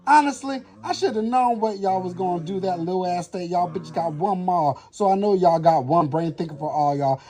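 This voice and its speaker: A man's voice: high-pitched, dark tone. A man in an angry, profanity-filled rant, hurling theatrical threats and insults in a social media video.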